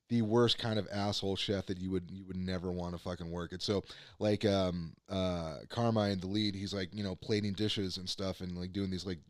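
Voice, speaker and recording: A man's voice: low voice, dry recording, clean studio sound. A man hosting a casual podcast chat, rambling and swearing, with many fillers. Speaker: podcast host.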